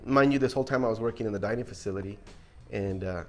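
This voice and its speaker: A man telling army stories casually, animated and swearing now and then. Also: on the low side, fast, faint music behind. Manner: animated, acts out quoted voices, casual swearing. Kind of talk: casual storytelling.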